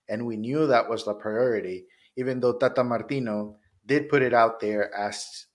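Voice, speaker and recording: A man from Honduras co-hosting a sports podcast, giving measured, thoughtful takes in casual chat with frequent "you know". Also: fairly low pitch. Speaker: podcast co-host.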